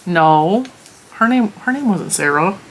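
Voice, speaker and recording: A woman's voice: lowish voice, animated, unhurried. A woman hosting a vlog, chatting casually and teasingly with her child in a motherly way.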